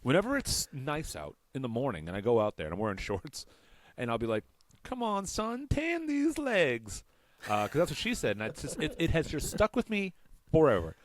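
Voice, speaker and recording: A man's voice: mid-range voice, very animated, brisk, dry recording. A man hosting a comedy podcast, telling a rambling, self-mocking story in casual chat. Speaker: podcast host.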